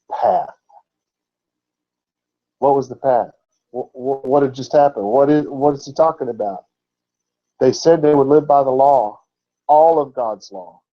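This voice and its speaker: A man preaches in a relaxed, conversational way, with a dark, mellow tone at a middling pitch. He teaches the Bible and leans on rhetorical questions. The recording is dull and lo-fi. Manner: informal, asks rhetorical questions. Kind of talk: conversational sermon.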